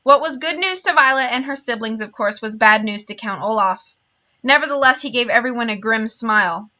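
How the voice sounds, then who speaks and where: A woman's voice: fairly high pitch, brisk, sharp tone. A woman reading a novel aloud with wry, dramatic storytelling. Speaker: reader.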